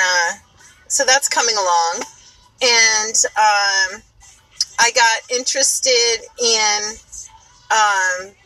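A woman's voice: medium pitch, sharp tone, poor audio. A woman with a New York accent chatting casually while she drives, rambling and swearing freely, speaking as a podcaster. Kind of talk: casual chat while driving. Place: inside a moving car. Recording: car road noise behind. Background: car and road noise.

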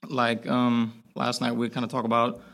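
A man's voice: mid-range voice, monotone, moderate pace, gravelly, a bit bright. Casting: young adult male guest, candid and loose, filler-heavy everyday speech. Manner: casual, frank, lots of "like" fillers. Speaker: podcast guest. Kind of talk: candid conversational interview.

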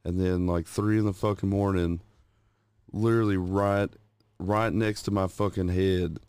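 A man's voice: deep voice, little pitch movement, a little slow, darkish tone, a little hiss or hum. A man co-hosting a podcast in casual, swear-filled chat, telling stories and acting out the voices in them. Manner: swears constantly, acts out voices in his stories. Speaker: podcast co-host. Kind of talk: casual chat, crude storytelling.

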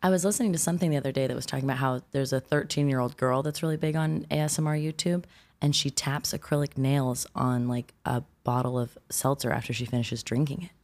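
A woman co-hosting a podcast in a studio, with a very deep voice full of gravelly fry. She jokes playfully and keeps the banter casual. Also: steady tone, fast talker, darkish tone. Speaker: podcast co-host, writer.

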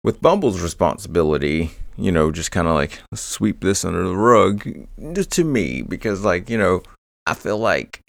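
A man's voice: low voice, animated, normal speed, gravelly, no echo, clean studio sound. A man hosting a true crime podcast, rambling through the case with joking asides. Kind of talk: casual true crime narration.

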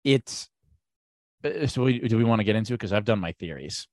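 A man's voice: on the low side, brisk, no room sound, clean studio sound. Man riffing in loose podcast banter. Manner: riffing, animated, slips into voices. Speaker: podcast co-host. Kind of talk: casual banter.

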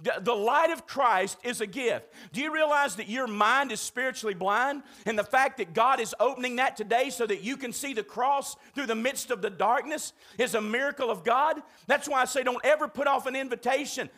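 High, bright-voiced preacher man. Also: normal speed, few pauses. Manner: emphatic preaching, urgent and repetitive, calls out to congregation. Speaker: pastor. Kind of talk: sermon. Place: church.

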